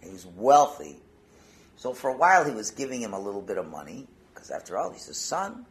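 A man teaching through storytelling, animated and conversational, swinging between loud stretches and hushed ones. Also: mid-range voice, a little fast. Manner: conversational asides and restarts. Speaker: Torah teacher. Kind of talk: storytelling talk.

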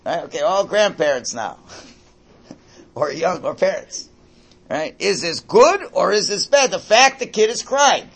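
Animated older man teaching, husky voice. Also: high-pitched, unhurried. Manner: animated, keeps checking in with listeners. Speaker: religious teacher. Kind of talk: lecture to a class.

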